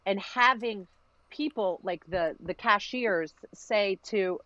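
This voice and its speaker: A woman telling her immigrant family's story in a casual conversation, getting animated and jumping higher when she quotes her mother. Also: slow, no room sound, lo-fi sound. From United States, born to Greek immigrant parents. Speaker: guest.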